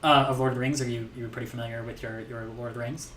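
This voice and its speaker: Game streamer host, woman with a very low voice, upbeat explainer; roomy, distant mic. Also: fairly even intonation, racing, a bit bright, a little hiss or hum. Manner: upbeat, explains mechanics, eggs on chat. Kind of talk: live game-stream commentary.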